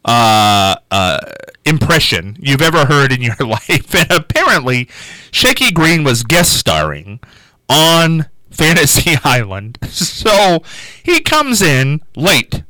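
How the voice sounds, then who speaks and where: Animated man telling a funny story. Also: fairly high pitch, slow pace, no room sound, rough recording. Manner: animated, laughs through his stories. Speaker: radio show host. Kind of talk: casual storytelling chat.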